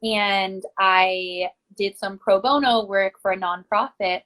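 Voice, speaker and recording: A woman's voice: medium pitch, steady tone, takes it slowly, a bit bright, rough recording. Woman podcast host, very affirming, lots of you know and like. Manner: affirming, spiritual wording, many fillers. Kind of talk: casual conversation.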